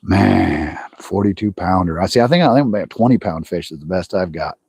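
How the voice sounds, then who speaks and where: A man with a deep, gravelly voice, a little mellow with a breathy edge, talks expressively at a moderate pace while fishing live on an outdoor lake. His casual chat is folksy and rambling, with restarted words and direct address to viewers; the sound is clean studio quality with no echo.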